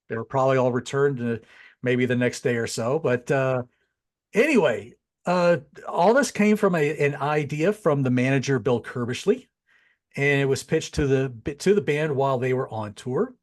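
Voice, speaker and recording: A middle-aged man hosting a casual chat show, animated and chatty, wandering into asides. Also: a little high. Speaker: podcast host. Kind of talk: casual chat over a video call.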